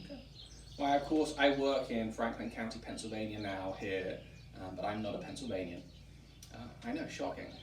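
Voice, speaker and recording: A man from England hosting a relaxed chat, explaining at length with frequent ums. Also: fairly low pitch, normal speed. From England (Wiltshire). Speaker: museum director and host. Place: historic tavern room, indoors. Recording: roomy, distant mic, faint background noise.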